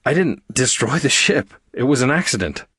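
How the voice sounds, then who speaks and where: A man's voice: medium pitch, very animated, normal speed, sharp tone, breathy edge, dry recording, studio quality, voice pushed up, full character voice. A man voicing a frightened young astronaut who talks nervously and stammers in an audiobook. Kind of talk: audiobook character voice.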